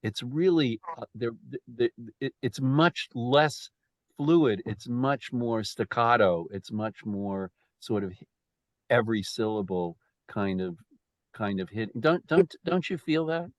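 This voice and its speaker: A man's voice: mid-range voice, takes it slowly, no room sound. A man leading a poetry discussion group, restarting his sentences often and speaking with emphasis as he taps out the rhythm.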